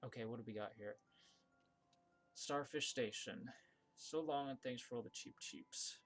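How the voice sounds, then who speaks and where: A man plays viewer-made game levels on a live stream, speaking at a measured pace with faint music behind. His casual, thinking-aloud commentary includes restarts and fillers, plus high-excitement yelps at anything surprising.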